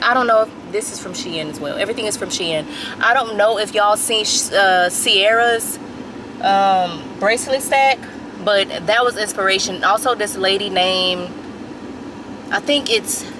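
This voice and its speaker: In an echoey room with background noise, a young lifestyle vlogger with a medium-pitched voice tells stories in casual chat. She is animated and speaks straight to her viewers.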